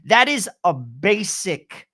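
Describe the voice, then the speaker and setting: A man co-hosting a political talk show, arguing forcefully with rhetorical questions. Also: sits high, big pitch swings, slow, breathy edge. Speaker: co-host.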